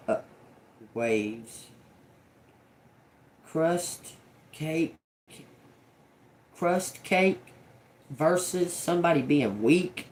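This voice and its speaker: A man doing a casual tarot reading, rambling and cursing, often repeating single words as they come to him. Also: fairly high pitch. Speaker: tarot reader.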